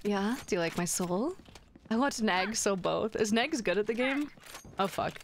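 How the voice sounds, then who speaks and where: A woman's voice: fairly high pitch, lively intonation, measured pace, pauses often, noisy background. Giggly, cursing young woman streamer.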